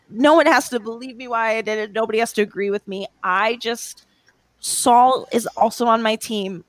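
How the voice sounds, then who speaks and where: A woman chatting as a podcast guest, talking in rambling bursts with many restarts and quick laughs. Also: a little high, fairly bright tone, dry recording. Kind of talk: casual podcast chat.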